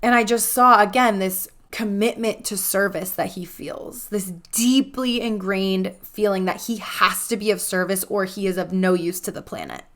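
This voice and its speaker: A woman's voice: medium pitch, moderate pace, hardly any pauses. A young adult woman tells a personal story on her podcast. She talks casually and with animation, slipping into the voices of the people in her story and filling her speech with "like.". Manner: animated, acts out quoted dialogue, frequent "like". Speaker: podcast host.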